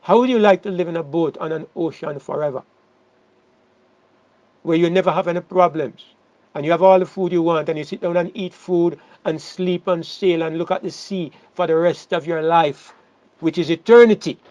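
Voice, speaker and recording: A man's voice: on the high side, normal speed, a little mellow, no room sound, highs cut off. A man preaching a sermon, emphatic, often repeating words and restarting phrases.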